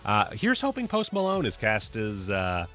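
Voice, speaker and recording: A man's voice: fairly low pitch, wildly swooping pitch, normal speed, a bit bright. A man narrating a movie-trivia video in a casual, enthusiastic way, with joking asides. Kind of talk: casual pop-culture commentary.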